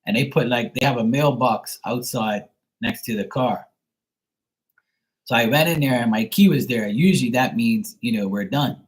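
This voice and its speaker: A man in the middle of his pitch range talks loosely on a live stream, rambling from one thought to the next. He fills his talk with "you know" and "like" and tells stories with animation. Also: poor audio. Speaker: tarot reader and live-stream host. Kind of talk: casual live-stream chat.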